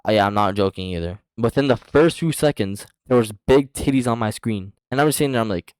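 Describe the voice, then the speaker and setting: A man's voice: mid-range voice, fast talker, few pauses, clean tone, no room sound. A young man casually telling a storytime story to his viewers, slangy and profane, with lots of fillers.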